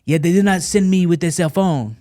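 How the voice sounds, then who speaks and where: A man's voice: high voice, brisk, mellow, no echo, clean studio sound, pitched above the performer's own voice, close to an everyday voice. A man voicing a fawning French male news reporter with a put-on French accent and an overly polite, fussy manner. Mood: apologetic.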